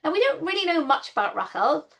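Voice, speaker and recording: A woman's voice: sits high, sing-song, fast, vocal fry, fairly bright tone. A woman teaching an online Torah class over a video call. She explains step by step, reads Hebrew verses and translates them, and speaks in an earnest, heartfelt way. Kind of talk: online Bible lesson.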